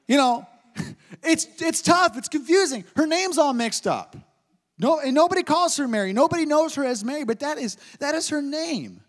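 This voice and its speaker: Preaching in a long-reverb hall, a thirty-something pastor uses an extremely high pitch at a moderate pace. He teaches with animated humor and stories.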